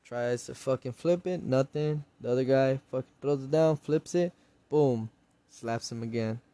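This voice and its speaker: A man's voice: mid-range voice, a little slow, mellow, dry recording. A man hosting a solo podcast, casually retelling and reviewing a show episode in a rambling, profane way. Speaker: podcast host.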